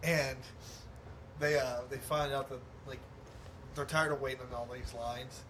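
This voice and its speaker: A man in a casual podcast chat, an animated storyteller who laughs mid-sentence. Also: mid-range voice, measured pace. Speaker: podcast host. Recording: noisy background.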